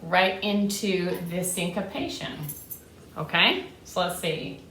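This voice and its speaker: Speaking slowly in a lowish voice, a woman music teacher sings rhythm syllables to children and explains them with warm coaxing. The classroom with a board is echoey, with slight background noise.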